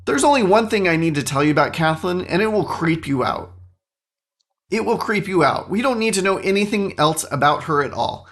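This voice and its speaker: A man hosting a solo podcast, telling a story in an animated, self-mocking way into a studio microphone. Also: high voice, a little fast. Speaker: podcast host.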